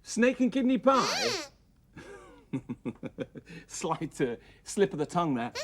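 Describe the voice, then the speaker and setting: Playful kids tv presenter guy, giggly, very lively voice, hissy old recording. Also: sits high, slow pace. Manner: giggly, playful, mock-exasperated. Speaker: children's TV presenter. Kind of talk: playful banter with puppets.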